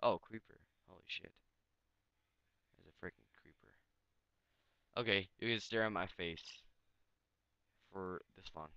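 A man's voice: deep voice, unhurried, long pauses, clear, resonant tone, dry recording, highs cut off. Tired young man narrating a game. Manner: tired, mumbling, swings to excited outbursts. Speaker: gaming channel host. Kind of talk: casual let's-play commentary.

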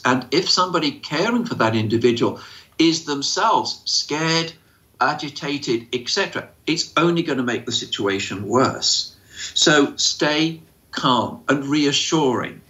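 A man's voice: mid-range voice, bright, forceful tone. A man who answers questions as an autism expert, speaking informally with many fillers and acting out quoted voices. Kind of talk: informal explanatory talk. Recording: slightly dull lo-fi sound.

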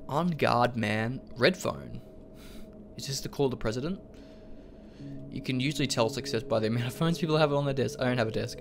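A young man giving excitable, jokey commentary as he plays a video game, often laughing. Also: mid-range voice, fairly quick, creaky, a little hiss or hum. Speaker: let's play host. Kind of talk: gaming commentary.

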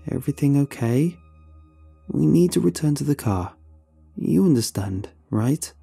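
A man voicing a nervous young man who speaks carefully and tensely to calm his friends. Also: mid-range voice, a little slow, vocal fry, slightly rough, soft background music, pitched above the performer's own voice, exaggerated voice.

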